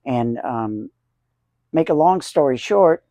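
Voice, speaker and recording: A man's voice: medium pitch, animated, slow pace, mellow, no room sound. A man in his sixties telling rambling, chuckling anecdotes as the host of a casual collector vlog.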